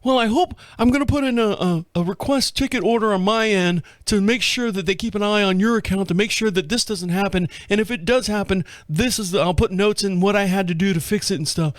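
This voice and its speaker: A man acting out a friendly male software company founder, who talks in an upbeat and reassuring way. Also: sits high, brisk, hardly any pauses, no room sound, pitched above the performer's own voice, close to an everyday voice.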